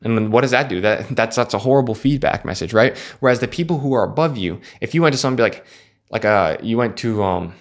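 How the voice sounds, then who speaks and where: A man's voice: mid-range voice, animated, fast. A young man giving blunt motivational talk, loose and full of fillers and restarts. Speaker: self-improvement vlogger. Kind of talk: casual motivational monologue.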